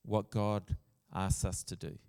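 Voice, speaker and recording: A man preaching a sermon in a church, earnest, with soft passages and loud emphatic bursts. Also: on the low side, little pitch movement, takes it slowly, creaky, clear, resonant tone. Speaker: pastor. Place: church hall. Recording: long church reverb.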